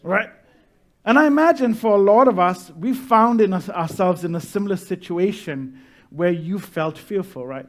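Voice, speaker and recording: Male pastor with a high voice, telling a funny story in his sermon, really animated. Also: moderate pace. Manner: animated storyteller, laughs at himself. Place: church stage.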